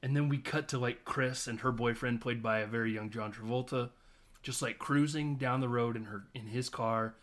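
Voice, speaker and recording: A man's voice: mid-range voice, normal speed. A man on a podcast casually recapping a movie scene by scene, laughing often and acting out lines in mimicking voices. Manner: animated, acts out character lines in mimicking voices. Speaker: podcast host. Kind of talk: casual film recap chat.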